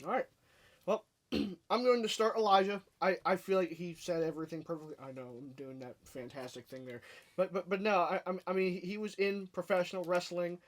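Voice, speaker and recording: A man's voice: high voice, fairly even intonation, fairly quick. A man guesting on a casual podcast, who stammers and repeats words and laughs often.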